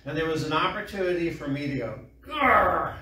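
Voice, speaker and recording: A middle-aged man preaches in a chatty, folksy storytelling style, drawing call-and-response from a small congregation. His voice is bright and sits a little high for a man. He is heard from some distance in a small room with heavy echo. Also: animated, fast talker, slight background noise. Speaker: pastor. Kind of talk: sermon. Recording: echoey room from far off.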